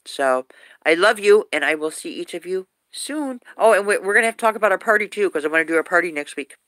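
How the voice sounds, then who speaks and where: A woman's voice: lowish voice, animated, quick pace, fairly bright tone, dry recording. A woman vlogger talking to her viewers in a casual, rambling livestream chat, speaking in an affectionate way.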